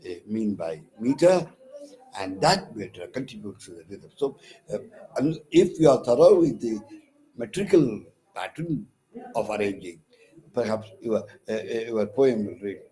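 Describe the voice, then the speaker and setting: Slow, mellow Indian English lecturer. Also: male voice, lowish voice, animated. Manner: hesitant, many fillers and restarts, stresses syllables when reading examples. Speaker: counsellor teaching English literature. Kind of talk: online lecture on poetic meter.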